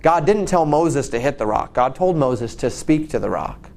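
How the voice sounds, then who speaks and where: A man's voice: mid-range voice, expressive, normal speed, creaky, a little mellow. A man teaching from the Bible in a conversational, storytelling way, often repeating words as he goes. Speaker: preacher.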